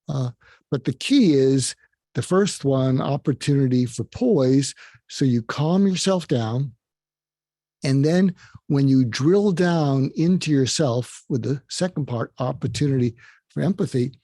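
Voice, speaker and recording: Gravelly-voiced man on a panel. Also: mid-range voice, mellow, no room sound, studio quality. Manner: acts out short quoted exchanges in a raised voice; explains steadily with many fillers and restarts. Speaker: expert panelist. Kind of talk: panel discussion explanation.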